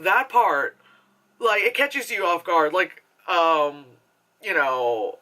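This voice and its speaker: A woman's voice: lowish voice, lively intonation, slow, sharp tone. A young woman reviewing a movie in a loose, rambling way, full of "like", casual swearing and frequent laughter.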